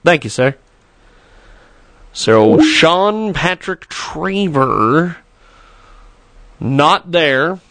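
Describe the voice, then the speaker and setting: A man hosts a casual radio talk show with a gravelly, slightly high voice. He rambles and jokes to himself between segments. His voice sounds dry and close. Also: expressive, very slow, long pauses, fairly bright tone, dry recording.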